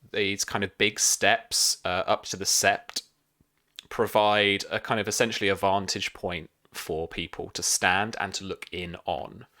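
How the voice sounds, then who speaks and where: A man narrating as game master for a tabletop game, pausing often with fillers. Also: sits low, pushed and bright, no echo, studio quality. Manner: hesitant, many fillers.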